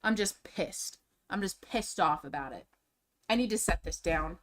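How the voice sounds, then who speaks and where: Her voice sits on the low side, fairly bright, with lively intonation and a moderate pace. A young woman reacting to drama videos on stream from her home, she rants casually and profanely, exasperated and saying things more than once.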